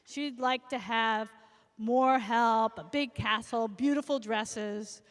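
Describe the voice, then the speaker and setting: A woman voicing a meek, weary fisherman husband who pleads slowly and humbly while reading a storybook aloud. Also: fairly high pitch, steady tone. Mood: pleading. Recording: echoey hall.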